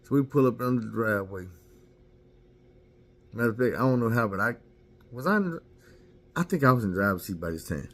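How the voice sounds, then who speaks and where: A man's voice: mid-range voice, lively intonation, fairly quick, long pauses, a bit bright. A man casually telling a candid, profane story about himself and mocking his own mistakes.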